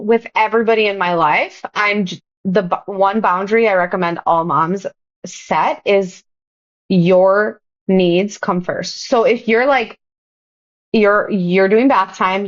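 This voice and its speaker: A woman in her thirties, a podcast guest, giving earnest, open advice in casual chat. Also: mid-range voice. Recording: dull lo-fi podcast audio.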